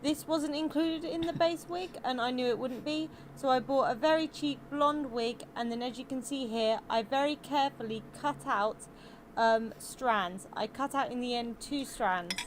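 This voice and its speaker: Bright-voiced woman, newscaster-like tutorial. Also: high-pitched, moderate pace, slight background noise. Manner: smooth newscaster-like delivery. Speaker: wig tutorial narrator. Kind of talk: instructional voice-over.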